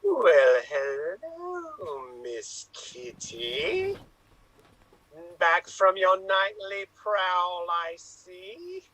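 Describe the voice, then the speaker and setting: A man's voice: high-pitched, wildly swooping pitch, sharp tone, no room sound, exaggerated voice, low-quality recording. Man playing a purring, villainous cat lady. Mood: purring menace. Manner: slow, purring, grandly menacing. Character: theatrical villainous woman doting on her cat.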